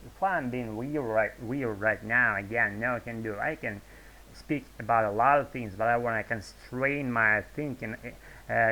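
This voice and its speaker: A man's voice: mid-range voice, moderate pace, bright, forceful tone, poor audio. Rambling man with a Russian accent. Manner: rambling, hesitant, many fillers and restarts, swears freely. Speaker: video blogger. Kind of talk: unscripted off-the-cuff monologue.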